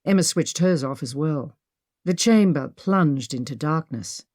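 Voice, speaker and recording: Woman audiobook narrator, low and animated, dry studio sound. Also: unhurried, no room sound. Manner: expressive storytelling.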